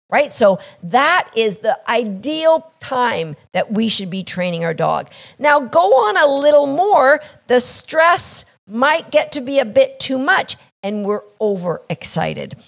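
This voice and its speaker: A woman from Canada, a dog trainer explaining a training idea, acting out little scenes and checking in with "right?". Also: a little high.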